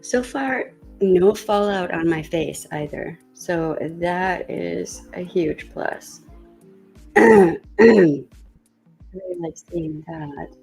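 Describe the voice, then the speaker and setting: A woman's voice: fairly low pitch, drawn-out words, vocal fry, darkish tone, husky, soft background music. A woman vlogger chatting casually while doing her makeup, thinking aloud with fillers and coughing now and then as she gets over a cold. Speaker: beauty vlogger.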